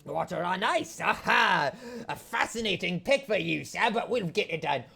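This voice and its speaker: A man's voice: sits high, lively intonation, normal speed, gravelly, pushed and bright, breathy edge, full character voice. A man voicing a friendly male orc innkeeper with a hearty, welcoming manner in a tabletop game. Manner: hearty, welcoming, a little pompous. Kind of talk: tabletop role-play.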